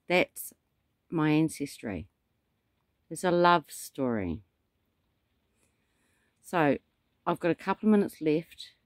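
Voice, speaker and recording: A self-styled prophet from New Zealand delivers a rambling spiritual monologue, meandering through stories with dramatic asides. His voice is fairly high with a darkish tone, recorded at studio quality with no room sound.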